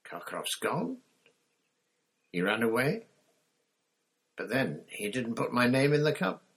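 A man's voice: medium pitch, sing-song, unhurried, fairly bright tone, pitched above the performer's own voice. A man voicing a frantic teenage boy wizard. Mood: disbelieving. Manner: urgent, breathless, pleading. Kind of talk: audiobook character voice.

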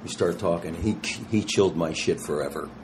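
A man in his sixties, a touring rock musician, telling stories in a casual interview and acting out the quotes in a slangy, animated way. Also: low voice, fairly quick, background noise. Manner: animated, slangy storyteller who acts out quotes.

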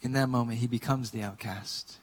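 A male pastor preaching a sermon in a casual, conversational way, moving between quiet earnest points and lively storytelling. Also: medium pitch, a little fast, in a large hall.

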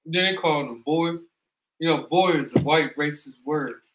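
Male podcast co-host, fairly high voice, matter-of-fact, echoey room sound. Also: moderate pace, noisy background. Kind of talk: casual podcast chat.

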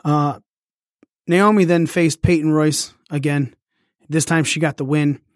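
A man hosting a casual wrestling recap, talking excitedly, swearing freely and acting out the lines he quotes. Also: on the high side, measured pace, no room sound, studio quality. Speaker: wrestling podcast host.

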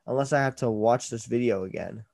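A man hosting a casual podcast from his own mic on a video call, his voice sitting at an ordinary middle pitch. He talks loosely and playfully, quick to tease and bicker with his co-host. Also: vocal fry, a little mellow.

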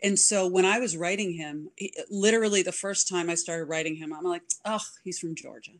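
A woman author chatting as an interview guest, animated and full of ums. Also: on the low side, fairly quick. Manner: animated, many ums, demonstrates voices. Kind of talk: casual interview chat.

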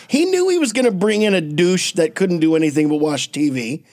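A man's voice: high voice, brisk, no echo. A man co-hosting a comedy podcast, telling crude stories with lots of swearing and laughing at his own jokes. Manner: animated, acts out characters mid-story. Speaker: podcast co-host. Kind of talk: comedic storytelling chat.

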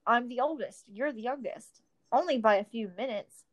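A woman reads out a know-it-all hobbit girl from a storybook, tart and defiant. The voice is fairly high and quick to argue. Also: lo-fi sound, lightly acted. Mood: complaining. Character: sharp-tongued young hobbit girl, a know-it-all twin.

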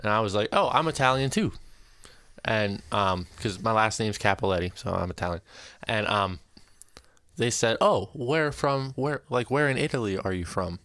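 A man's voice: fairly low pitch, normal speed, fairly bright tone, no echo. A young man telling stories on a podcast, laughing often and filling his talk with "like". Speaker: podcast co-host. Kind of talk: casual storytelling chat.

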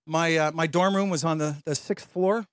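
Animated high-voiced male preacher. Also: moderate pace, no room sound, studio quality. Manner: animated, laughing storyteller acting out voices. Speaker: pastor. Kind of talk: storytelling sermon.

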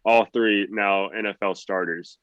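A man's voice: fairly low pitch, fairly even intonation, a little slow, fairly bright tone, no echo, muffled recording. A man co-hosting a casual sports podcast, asking questions and agreeing along. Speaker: podcast co-host.

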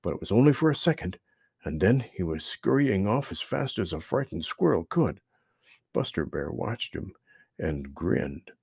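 Male storyteller for a children's tale, expressive and animated, low and gravelly. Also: moderate pace, no room sound, clean studio sound. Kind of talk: reading a children's story aloud.

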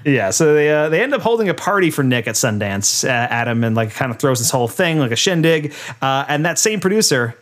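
A man co-hosting a casual podcast, retelling a film's scenes in a relaxed way with lots of fillers and laughter. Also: a little high, brisk, hardly any pauses. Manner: laid-back, many fillers, laughs while retelling scenes. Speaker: podcast co-host. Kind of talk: casual chat recapping a film.

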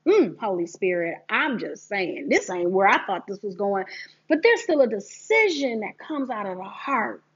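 A woman's voice: medium pitch, sing-song, moderate pace, breathy edge, muffled recording. A woman sharing her personal testimony in a preaching style, repeating her key phrases and leading listeners through scripture.

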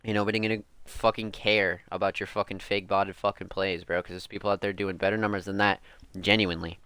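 Deep-voiced and brisk, with a sharp, smooth tone and little pitch movement, a young man hosting a music podcast rants in a casual, heated way. Expect lots of swearing, slang, and repeated "like" and "bro," with no echo.

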